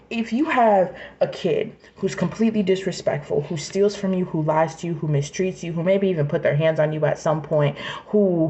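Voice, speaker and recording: A woman's voice: on the low side, a little mellow, muffled recording, a little hiss or hum. A woman in her twenties venting in an emotional personal rant, angry, raw and profane, sometimes dropping to a whisper. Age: 20s. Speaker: vlogger.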